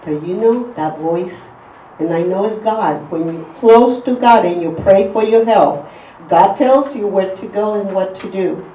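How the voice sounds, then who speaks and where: A woman's voice: medium pitch, unhurried, warm tone, slight background noise. A woman giving an earnest, emphatic personal faith testimony. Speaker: testimony speaker. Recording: echoey, distant, dull recording.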